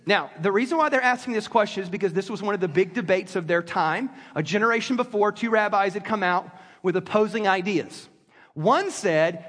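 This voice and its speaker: A man preaching a sermon to a congregation in a lively, conversational way. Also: high voice, a little fast. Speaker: pastor. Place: church sanctuary with congregation. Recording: long reverb of a large hall.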